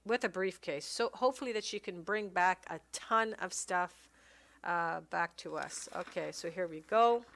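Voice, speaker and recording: A woman giving casual gameplay commentary, reading game text aloud and thinking out loud with many pauses and fillers. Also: on the low side, vocal fry. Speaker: let's play commentator.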